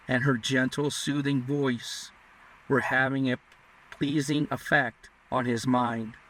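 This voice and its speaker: A man narrating an audiobook in a measured, even reading manner. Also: mid-range voice. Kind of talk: scripted narration. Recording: distant mic.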